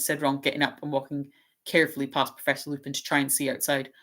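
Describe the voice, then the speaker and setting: A woman hosting her channel, reading a storybook aloud in steady narration with small slips and self-corrections. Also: low voice, fairly quick.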